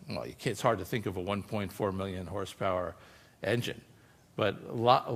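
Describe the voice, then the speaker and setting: A man's voice: lowish voice, creaky. A man giving a conversational public talk as a scientist, explaining informally and often tossing in asides to the audience. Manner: explains informally, often adds "you know" and "right?". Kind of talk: conversational presentation. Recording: long hall reverb.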